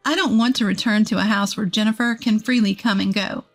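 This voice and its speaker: A woman's voice: medium pitch, fairly even intonation, fairly quick, soft background music, lightly acted. A woman, a text-to-speech narrator, voicing an arrogant, dismissive husband in a curt, scornful way.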